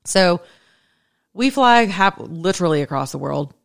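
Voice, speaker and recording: A middle-aged American woman talking casually to her audience, telling an animated story full of quick asides and self-corrections. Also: lowish voice, gravelly. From United States. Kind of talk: casual monologue.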